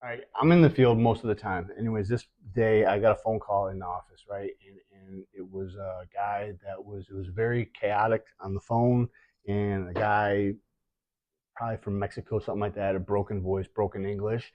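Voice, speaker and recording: Low-voiced man, halting and repetitive. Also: steady tone, no room sound, highs cut off. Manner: halting, repeats words, many restarts. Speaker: guest sharing a scam story. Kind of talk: emotional retelling.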